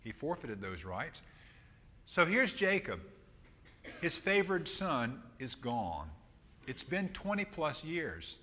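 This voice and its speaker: A middle-aged man reads scripture in a lively, rising and falling voice, then stops to explain it. The sound carries a long echo, as if he is in a large hall. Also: a little high, husky. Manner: reads King James verses aloud, pauses to explain. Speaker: Bible teacher. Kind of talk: sermon with scripture reading.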